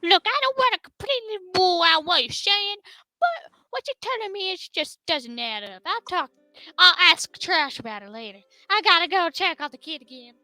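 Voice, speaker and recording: A woman's voice: very high-pitched, animated, normal speed, sharp tone, no room sound, soft background music, pitched above the performer's own voice, heavily acted, low-quality recording. A woman putting on a sassy granny boss. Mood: indignant.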